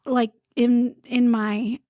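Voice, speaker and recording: Chatty higher-voiced woman, dry sound. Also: little pitch movement, takes it slowly, warm tone, no echo. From Navajo Nation, Arizona. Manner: chatty, many fillers and restarts. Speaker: podcast guest. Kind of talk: casual podcast chat.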